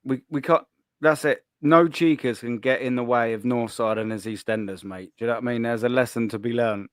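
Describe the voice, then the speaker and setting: A man's voice: mid-range voice, fairly even intonation, a little fast, clean tone, no echo, clean studio sound. A man, joking crudely in casual banter, tagging lines with "do you know what I mean". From England. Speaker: podcast co-host.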